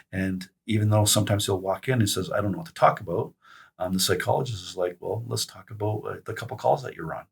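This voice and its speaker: A man in his fifties, a podcast guest telling stories in a halting, reflective way. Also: low-pitched, vocal fry, slightly rough. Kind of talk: casual conversation.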